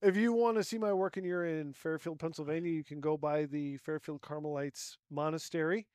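A man's voice: a little high, fairly even intonation, brisk, a little mellow, dry recording, clean studio sound. A man who works as a stonemason, talking earnestly as a podcast guest, rambling and laughing easily. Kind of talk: casual conversational interview.

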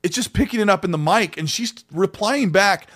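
Male podcast co-host, slightly higher pitch; animated, rambling, restarts often. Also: normal speed. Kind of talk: casual podcast chat.

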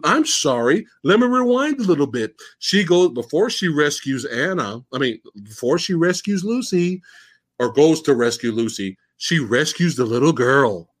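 A male podcast host with a fairly high voice that swoops up and down. He retells a film's plot in a casual, profane and mocking way, piling on sarcasm as he goes. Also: very animated, moderate pace. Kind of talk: casual podcast film discussion.

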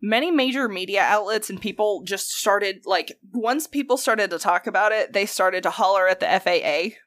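A woman with a Southern US accent co-hosting a relaxed, casual podcast. Her humor is dry and she laughs often. The sound is close to the mic and dry. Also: mid-range voice, moderate pace, no echo. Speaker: podcast co-host. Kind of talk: casual chat.

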